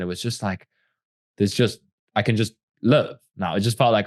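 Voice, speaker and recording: A man's voice: on the low side, a little fast, dry recording, studio quality. A man as the guest in a casual interview, talking reflectively and animatedly with many fillers.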